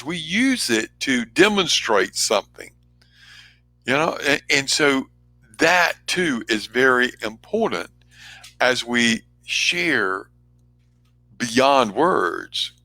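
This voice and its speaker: A man speaking as a trainer, giving an earnest motivational talk with emphatic, shifting pace and loudness. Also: mid-range voice, very animated, slow pace, no room sound.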